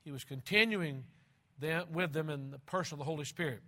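A man preaching a sermon, reading scripture aloud and repeating key phrases slowly and with heavy emphasis, moving between loud and hushed passages. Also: a little high.

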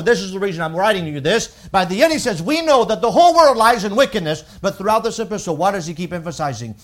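A male preacher giving a sermon. He reads scripture slowly and preaches with rising emphasis and repetition. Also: sits high, very animated, fairly bright tone.

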